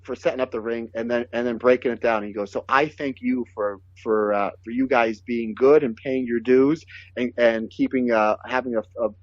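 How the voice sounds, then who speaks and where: A man telling lively stories and quoting the people in them, recorded in a dry, close space. The audio is a little dull and lo-fi, and his voice sits at an everyday middle pitch. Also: moderate pace, dry recording. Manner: animated, quotes others in his stories. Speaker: guest, pro wrestler. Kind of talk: casual storytelling.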